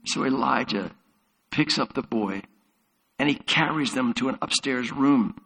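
Storytelling preacher in a reverberant hall. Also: male voice, medium pitch, a little slow, creaky. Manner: vivid Bible storytelling, lively retelling. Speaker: pastor. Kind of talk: sermon.

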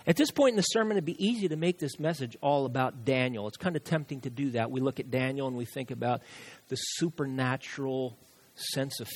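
A male pastor preaching a sermon, animated, with sudden rises and soft drops. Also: medium pitch.

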